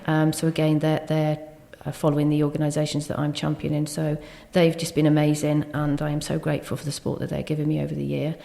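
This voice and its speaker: A woman with a Welsh accent, a county official being interviewed on a podcast, talking earnestly and gratefully with many quick restarts. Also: low-pitched, completely flat delivery, vocal fry, warm tone, big-room sound. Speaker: county High Sheriff, guest. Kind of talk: casual interview. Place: small podcast studio.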